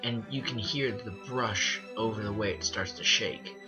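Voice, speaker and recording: A man narrating a first-person horror story as an earnest storyteller, restarting phrases and slowing down on the creepy parts. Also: on the low side. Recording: dull lo-fi recording with music behind. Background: music bed.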